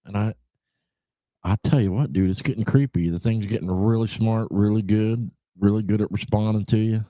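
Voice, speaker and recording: A man's voice: fairly low pitch, steady tone, moderate pace, dark tone, no room sound. A man hosting a casual livestream chat show, rambling and laid-back, swearing freely, with lots of "you know" fillers. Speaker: podcast host.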